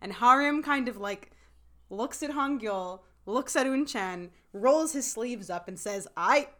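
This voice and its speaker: A woman's voice: on the high side, animated, pushed and bright, a little hiss or hum. Chatty enthusiastic woman co-host. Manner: enthusiastic, chatty, quick to laugh. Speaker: podcast co-host. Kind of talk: casual chat recapping a TV drama.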